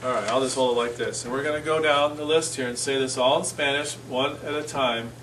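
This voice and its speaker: A man teaching phrases to a class in a relaxed, chatty way, often correcting himself as he goes. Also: mid-range voice, a little fast. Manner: casual, self-correcting, repeats phrases for the class. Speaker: church Spanish class teacher. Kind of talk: informal classroom lesson. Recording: distant mic with faint room noise.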